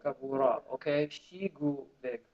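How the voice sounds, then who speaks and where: A man's voice: medium pitch, a little slow. Man teaching an Arabic class. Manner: drills students with call and response. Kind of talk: classroom lesson. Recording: muffled lo-fi classroom recording.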